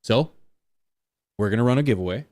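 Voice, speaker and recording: A man's voice: medium pitch, animated, brisk, a little mellow, no echo. A man who streams, chatting casually and jokingly with his partner and viewers. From small rural town. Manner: rambling, self-deprecating, jokey. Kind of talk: casual livestream chat.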